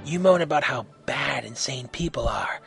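A man's voice: mid-range voice, lively intonation, moderate pace, gravelly, fairly bright tone, soft background music, voice pushed down. A man playing a sly fox clown villain. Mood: sneering. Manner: sneering, wheedling, sometimes whispery. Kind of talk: amateur audio story reading.

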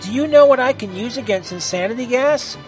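A man's voice: very high voice, lively intonation, a little fast, soft background music, pitched above the performer's own voice. A man voicing a gritty, hot-tempered female vigilante hero who barks threats in an amateur audio story. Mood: angry. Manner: shouting, barking threats.

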